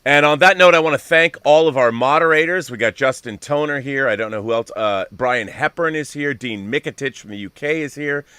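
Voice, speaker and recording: A man's voice: mid-range voice, fairly quick, hardly any pauses, pushed and bright, smooth, no room sound. A man hosting a live-streamed talk show, effusive and thanking his guest, moderators and co-host, with frequent restarts. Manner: effusive, talks with many restarts.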